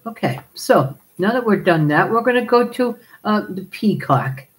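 A woman's voice: medium pitch, expressive, normal speed, poor audio. A woman hosting a live stream, chatting casually, laughing often and calling viewers darling as she reads their comments.

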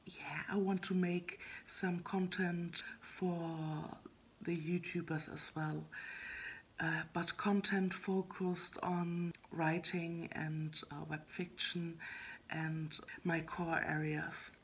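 A woman chats alone on her vlog in a soft, half-whispered voice that sounds husky and breathy, and she sits a little low in pitch. She speaks slowly and haltingly, pausing often, restarting, and filling gaps. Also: level tone. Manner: hesitant, halting, many fillers and restarts. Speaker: web fiction writer vlogging her progress. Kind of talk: casual solo vlog.

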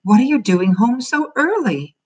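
A gentle mother asks her husband what is going on, amused rather than upset, voiced by a woman reading aloud. Her voice rises higher than the narration and stays husky. It is a family storybook reading. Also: animated, normal speed. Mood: curious.

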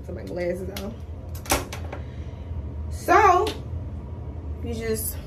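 Young female beauty vlogger, high voice, loose and talkative, casual home recording. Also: big pitch swings, extremely slow, background noise. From Houston, Texas. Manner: chatty, talks straight to viewers with lots of "y'all". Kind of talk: casual get-ready-with-me tutorial. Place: at home, indoors.

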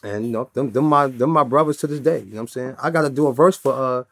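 A man from New York talks through old stories in a relaxed, easygoing drawl. He keeps tagging his sentences with "you know what I'm saying". His voice sits at a middle pitch and sounds close and dry, with no room around it. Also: quick pace, dry recording. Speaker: interview guest. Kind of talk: casual storytelling interview.

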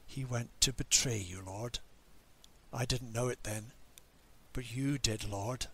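A man's voice: mid-range voice, takes it slowly, bright, forceful tone, breathy edge, heavily acted. A man voicing the grieving, angry disciple Peter at the cross in a dramatic monologue during a church service, bitter and questioning. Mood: anguished. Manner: bitter, questioning, self-reproaching.

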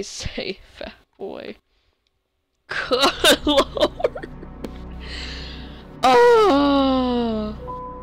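A teenage boy chatters through a game in a bright, sharp voice, breaking into yelps whenever something jumps at him. His voice cracks when he yells. Faint music plays softly underneath. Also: high voice, vocal fry. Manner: excitable, yelps and frequent voice cracks. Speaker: gamer. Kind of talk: casual gaming commentary.

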